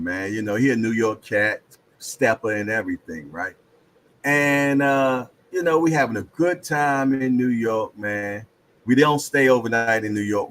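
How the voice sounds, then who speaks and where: A man's voice: lowish voice, fairly bright tone, slight background noise, poor audio. A middle-aged man hosting a casual hangout show, joking loosely in slang and telling stories with frequent laughs. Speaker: host. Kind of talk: casual chat and storytelling.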